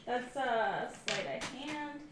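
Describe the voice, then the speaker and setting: A woman playing in a tabletop game, casual and quick to laugh. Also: fairly high pitch, expressive, recorded from a distance. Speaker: player. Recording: echoey room from off mic, faint noise.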